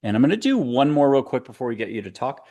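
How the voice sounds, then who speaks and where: A man's voice: mid-range voice, big pitch swings, fast, warm tone. A man hosting a spiritual talk show, guiding listeners through breathing and visualization with a playful, joking manner. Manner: playful, jokey, coaxing guide. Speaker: show host. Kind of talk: guided meditation talk show.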